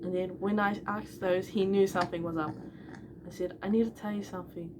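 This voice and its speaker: A woman's voice: medium pitch, steady tone, brisk, noisy background. A young woman, a new mother, candidly telling her personal story and acting out both sides of old phone calls. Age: young adult.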